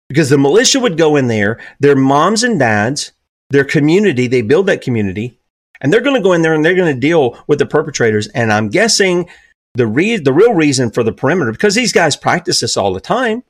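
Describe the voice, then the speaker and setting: A man's voice: very animated, normal speed, no echo, clean studio sound. Emphatic Southern man in his fifties. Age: 50s. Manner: emphatic, rhetorical questions, pitch jumping up on key points. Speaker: radio talk show host. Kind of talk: opinionated talk radio commentary.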